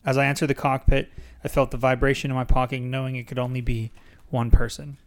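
A man's voice: medium pitch, level tone, fast. Young man, podcast guest, reads a memoir aloud with mock drama and jokey asides. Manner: reads dramatically, breaks off to laugh and joke. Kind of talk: casual reading aloud with asides.

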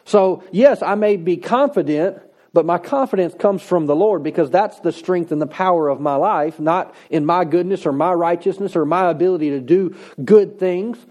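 A man's voice: high-pitched, moderate pace, a little mellow. A man preaching a sermon in an emphatic, conversational way, repeating key lines for stress. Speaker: pastor.

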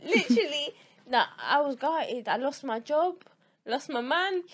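A young woman tells a story to friends. Her voice swings widely and sits a touch high, and she acts out the quotes, swearing freely. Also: measured pace. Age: young adult. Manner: animated, swearing, acting out quotes. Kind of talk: casual chat among friends.

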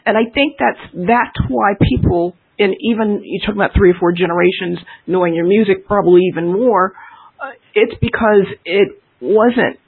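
Interview host, husky mid-range voice, halting questions, tinny phone-line sound. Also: medium pitch, no room sound. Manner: halting questions with many fillers.

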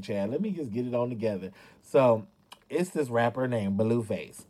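A man's voice: medium pitch, lively intonation, normal speed, a little mellow, poor audio. A man hosting casual gossip commentary, chatty and dramatic, talking straight to his viewers with lots of fillers. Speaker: commentary host.

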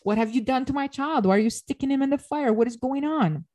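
A woman's voice: low voice, fairly quick, mellow, dry recording, studio quality, natural voice. A woman voicing a frantic human queen who weeps and pleads in anguish over her child, read aloud within a lecture. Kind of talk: dramatic reading within a lecture.

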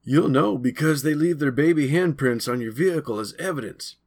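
A man's voice: a little high, a little fast, darkish tone, voice pushed up. A man voicing a sly teenage boy who tells spooky stories in a knowing, insistent way.

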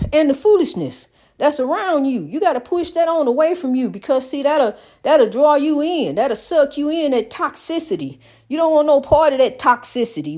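A woman preaching a personal testimony, rhythmic and repetitive, calling the listener honey and building to loud exhortation. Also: sits high. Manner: rhythmic, repeats phrases, calls listener honey.

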